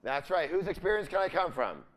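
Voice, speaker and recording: A man's voice: on the high side, sing-song, a little fast, fairly bright tone. A man giving a live seminar, full of upbeat energy, constantly asking the audience questions and leaving the ends of his sentences for them to fill in. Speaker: seminar speaker.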